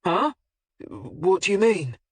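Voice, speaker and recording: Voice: medium pitch, sing-song, unhurried, breathy edge, no room sound. A narrator doing a wary, blunt butcher. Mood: nervous. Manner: blunt colloquial working-class talk. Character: wary middle-aged male butcher, defensive and coarse. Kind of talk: audiobook character voicing.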